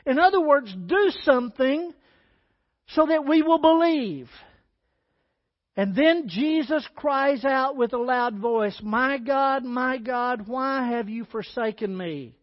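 Male pastor, high-pitched, unhurried emphatic sermon delivery, dry lo-fi recording. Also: expressive, no room sound. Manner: deliberate, emphatic preaching with scripture readings.

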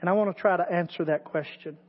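A man with a very high voice delivers a sermon as teaching pastor, leaning hard on repeated words as he builds emphasis. The sound is muffled, and long reverb trails each phrase. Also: fast talker. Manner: preaching with rising emphatic repetition.

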